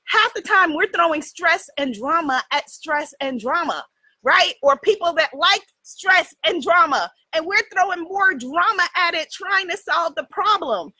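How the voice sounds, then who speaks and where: A woman hosting a casual chat with her viewers, telling a story in an animated way, laughing often and asking "right?". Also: extremely high pitch, unhurried, dry recording. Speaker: host addressing her viewers.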